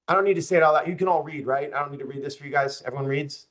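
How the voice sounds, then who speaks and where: A man's voice: a little high, very fast, fairly bright tone. A young man, a political candidate, speaking passionately and with open frustration to a group, addressing the audience directly. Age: young adult. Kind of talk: campaign speech to a group.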